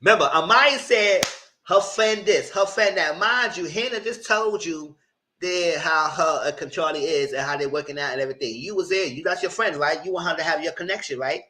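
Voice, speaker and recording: With a bright, forceful tone at normal speed, a man gives a live recap of a reality show. He's sassy, blunt and slangy, breaking into mocking high-pitched voices.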